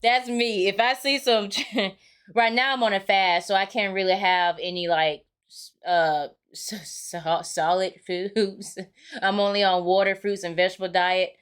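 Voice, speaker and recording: A woman's voice: mid-range voice, fairly even intonation, measured pace, a bit bright, clear, resonant tone. A woman hosting a reaction video, chatting casually with laughing asides.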